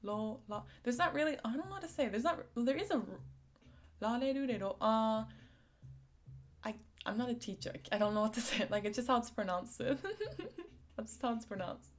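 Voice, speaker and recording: A woman's voice: a little high, very animated, normal speed. A young woman hosting a casual live stream, chatting and giggling as she answers viewers' comments with lots of "like" and "um". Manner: giggly, chatty, frequent likes and ums.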